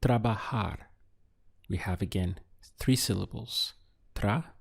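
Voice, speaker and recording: A man teaching a language lesson, speaking patiently in short phrases with pauses between them. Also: low-pitched, vocal fry, darkish tone, husky. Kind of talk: slow, clear language lesson.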